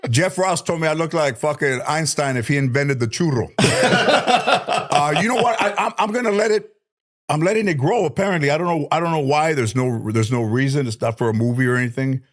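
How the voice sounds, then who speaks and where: A man's voice: a little high, a little fast. Laughing, profane storytelling man. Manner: profane, laughing through his stories. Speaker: comedian guest. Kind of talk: casual storytelling.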